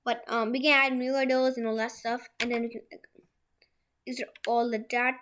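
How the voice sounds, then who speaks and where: A young woman hosting a software tutorial from a room at home, talking it through in a rambling way with many restarts. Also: a little high, flat delivery, a little fast, slight background noise. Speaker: tutorial host. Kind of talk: screen-share software tutorial.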